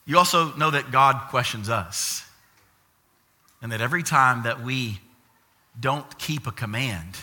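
A pastor with a grandson, preaching a lively sermon and acting out the voices of the people he quotes. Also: mid-range voice, slight background noise. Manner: animated storytelling, acts out quoted voices.

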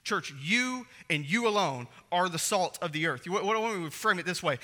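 Emphatic high-voiced man preaching in a hall. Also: animated, moderate pace, few pauses, bright, forceful tone. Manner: emphatic, repeats phrases for stress. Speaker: pastor. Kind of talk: sermon. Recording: echoey hall reverb.

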